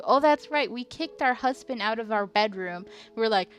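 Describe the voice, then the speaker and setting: Young woman game streamer, slow and giggly, talks to chat, easily spooked, faint music behind. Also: high voice. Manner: giggly, easily frightened, chats with viewers. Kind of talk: casual live-stream chat.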